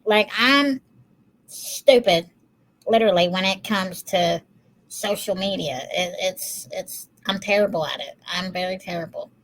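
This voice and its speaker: Female podcast co-host, average pitch, easygoing and self-mocking. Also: a little slow, a bit bright, poor audio. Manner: self-deprecating, laughs easily. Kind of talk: casual chat.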